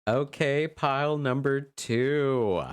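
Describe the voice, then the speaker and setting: A man giving a gentle, affirming pick-a-card tarot reading, tearful and emotional as he talks. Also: medium pitch, slow, clear, resonant tone, no room sound. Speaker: tarot reader.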